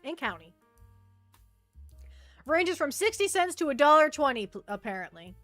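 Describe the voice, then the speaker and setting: A woman's voice: high voice, big pitch swings, normal speed, fairly bright tone, no room sound, faint music behind. A woman streaming as a VTuber, chatting casually with her viewers and reading the chat aloud, often trailing off and restarting.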